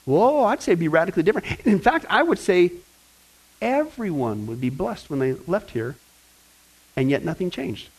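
A male pastor preaching a lively sermon, joking and talking straight to his congregation. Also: high-pitched, moderate pace, breathy edge, low-quality recording. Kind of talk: sermon with fill-in-the-blank notes.

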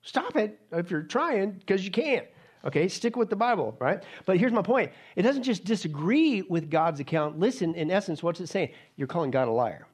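Male pastor, somewhat high-pitched, emphatic sermon delivery, lots of "right?" and "folks.". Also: animated, normal speed. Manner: emphatic, rhetorical questions, addresses the crowd as folks.

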